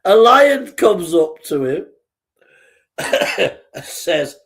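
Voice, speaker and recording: Guy rambling through jokes, slow and gravelly. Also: sits high, very animated, fairly bright tone. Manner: rambling, laughing at his own jokes. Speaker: host. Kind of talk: joke telling.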